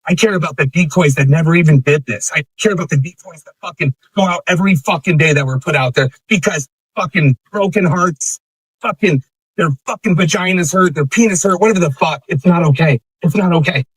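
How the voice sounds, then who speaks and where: A man's voice: fairly high pitch, fairly quick, husky, dry recording, rough recording. A man hosting a livestream, ranting angrily, swearing often and repeating himself. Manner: heated, profane, repeating himself. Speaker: livestream host. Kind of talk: angry livestream rant.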